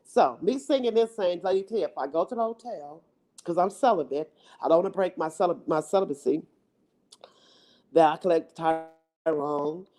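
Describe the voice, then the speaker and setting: A woman's voice: on the low side, normal speed, mellow. A woman vlogger chatting casually and playfully to her viewers into her phone, laughing often as she teases.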